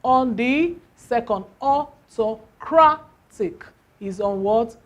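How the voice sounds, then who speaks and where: A woman's voice: mid-range voice, expressive. A woman teaching a lesson, asking questions and answering them herself, stretching out example words. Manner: slow, drawn-out emphasis on example words. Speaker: English teacher. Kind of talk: classroom lesson.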